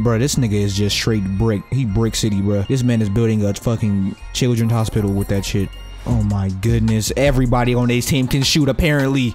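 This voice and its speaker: Young man, gamer, live commentary, trash-talking, profane, excitable, dark mellow voice, faint music behind. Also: medium pitch. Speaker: gaming YouTuber.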